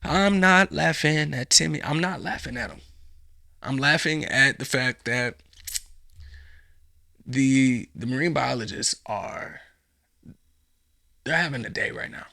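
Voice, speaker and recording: A man's voice: mid-range voice, measured pace, creaky, long pauses, bright, forceful tone. A man hosting a podcast, delivering a profane, sarcastic, rambling comedic monologue. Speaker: podcast host.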